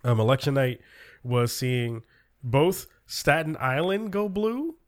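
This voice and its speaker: A man's voice: mid-range voice, slow pace. A man hosting a casual talk show, running loosely through news with lots of ums and restarts. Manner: loose, filler-heavy rundown of news. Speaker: podcast host. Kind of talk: casual political chat.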